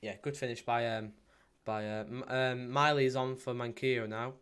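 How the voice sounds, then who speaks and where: A man hosting a live football watchalong stream. He chats casually, reads out viewer comments with plenty of ums, and breaks into excited play-by-play. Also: mid-range voice, moderate pace, clean tone. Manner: bursts into excited play-by-play at goals. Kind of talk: live match watchalong chat.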